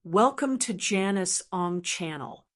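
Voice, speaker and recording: A woman hosting a channel, reading a scripted pronunciation tutorial in a careful, deliberate way. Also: on the low side, animated. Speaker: channel host teaching pronunciation.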